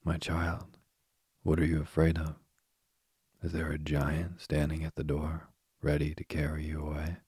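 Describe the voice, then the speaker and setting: A man's voice: rumbling low, completely flat delivery, a little slow, a little mellow, husky, no echo, clean studio sound, full character voice. A man doing a stern old king. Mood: concerned. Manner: stern, commanding. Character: stern older king, a father.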